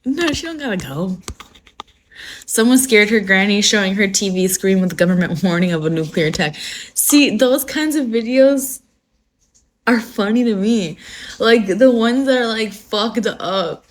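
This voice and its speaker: A woman's voice: medium pitch, expressive, a little slow, a little hiss or hum. Young woman, just woken up, casual livestream chat, rambling, lots of fillers, swears a lot, phone mic in a bedroom. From California. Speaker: livestream host.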